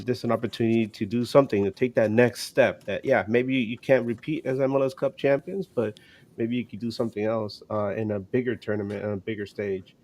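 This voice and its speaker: Man, low voice, rambling, filler-heavy, casual sports talk. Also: a little mellow. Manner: rambling, many restarts and fillers. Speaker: podcast co-host.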